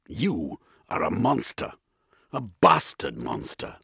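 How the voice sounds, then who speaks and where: A man's voice: a bass voice, wildly swooping pitch, takes it slowly, gravelly, a bit bright, husky, dry recording, studio quality, heavily acted. A man reading an audiobook, voicing a proud male official who speaks in a stiff, indignant way.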